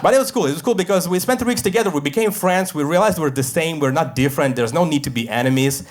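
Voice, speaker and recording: A man in his thirties from Russia, speaking English, doing a dry stand-up set on a comedy club stage with pauses full of "uh". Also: on the high side, background noise.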